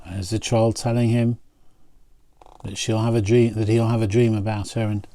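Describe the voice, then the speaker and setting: A man, a pastor, reading a picture book aloud and pausing to point out the pictures. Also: on the low side, flat delivery, dark tone.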